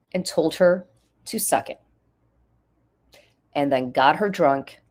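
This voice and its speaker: Woman, lowish pitch, political commentator, impassioned, emphatic, repeats phrases, urgent. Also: vocal fry, a little mellow. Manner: emotional, urgent. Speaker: political commentator and nonprofit leader. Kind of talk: impassioned talk-show commentary.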